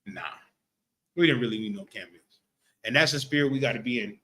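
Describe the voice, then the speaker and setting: A man with a medium-pitched, brisk voice and a sharp edge leads a casual religious class discussion, with slight noise in the background. He talks loosely and repeats himself, often checking in by asking "you know what I'm talking about."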